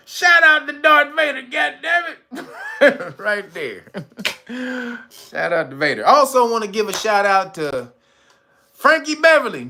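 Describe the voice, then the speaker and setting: A man in his forties hosting a casual monologue, animated and emphatic, often laughing and swearing. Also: high voice, unhurried, pauses often, a little hiss or hum. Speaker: channel host.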